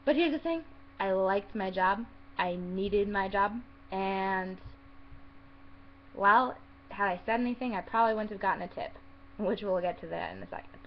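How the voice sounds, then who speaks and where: A woman's voice: medium pitch, moderate pace. A young woman telling a story about her worst night as a waitress in a chatty, exasperated vlog style, swearing and acting out what people said. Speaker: vlogger telling a work story. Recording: slightly dull lo-fi audio with faint hiss.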